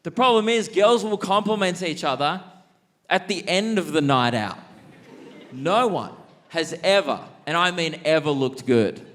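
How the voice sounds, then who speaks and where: A man's voice: on the high side, lively intonation, unhurried, fairly bright tone. A young Australian man doing stand-up comedy in a theatre, rambling and self-mocking as he laughs at his own jokes. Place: large theatre on stage.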